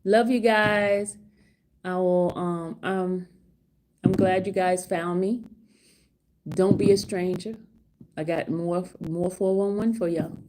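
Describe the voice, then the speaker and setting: A middle-aged woman vlogging casual commentary outside a courtroom, excited and laughing, repeating herself. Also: fairly low pitch, slow, long pauses. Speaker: trial vlogger. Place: outside a courtroom, hallway area.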